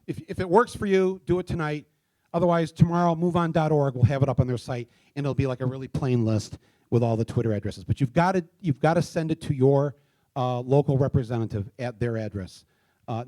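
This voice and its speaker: A middle-aged man hosting a live town hall in a theater, talking casually with many fillers and restarts, and spelling things out slowly. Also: medium pitch, warm tone. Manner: spells out addresses slowly letter by letter. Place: theater stage before a live audience.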